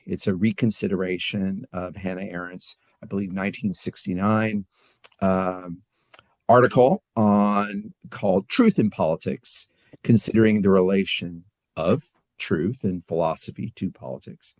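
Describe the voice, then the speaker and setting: Low-voiced man, halting podcast co-host. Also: steady tone, a little mellow, no echo. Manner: halting, filler-heavy delivery. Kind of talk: casual chat.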